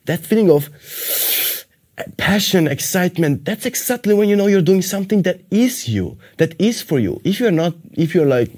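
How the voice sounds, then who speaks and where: Warm, emphatic motivational man. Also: sits high, lively intonation, normal speed. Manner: repetitive, emphatic, builds phrase on phrase. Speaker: course teacher. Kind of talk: motivational teaching talk.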